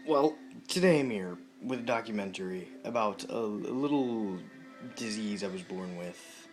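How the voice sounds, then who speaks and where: A young man with a lowish voice talks straight to the camera, hesitant and halting, stopping and restarting his sentences often. Faint music plays quietly behind him. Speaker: vlogger. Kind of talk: casual talk to camera.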